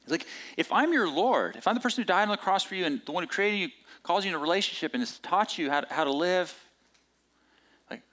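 A man's voice: sits high, expressive, quick pace, a bit bright. A middle-aged man preaching as a pastor, telling stories in a conversational way with frequent restarts and fillers. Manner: conversational storytelling with many restarts and filler words. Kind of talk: sermon.

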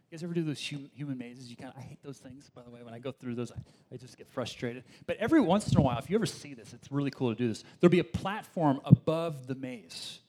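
A man preaching a sermon in a relaxed, conversational way, with asides to the congregation and quoted voices. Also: mid-range voice, fast. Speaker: pastor.

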